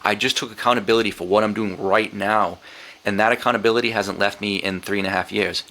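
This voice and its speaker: A man's voice: on the low side, steady tone, fast, sharp tone. A middle-aged man as a podcast guest, telling a profane, emotional story with many restarts and quoted inner thoughts. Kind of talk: candid storytelling interview.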